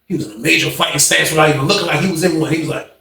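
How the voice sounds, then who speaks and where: A man telling a story in a casual, slangy way, animated and often laughing. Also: fairly high pitch, very fast, creaky. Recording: roomy echo.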